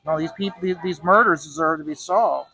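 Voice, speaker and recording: A man's voice: fairly high pitch, fairly quick, bright, forceful tone, rough recording. A man voicing an earnest, determined young male detective hero who pleads insistently.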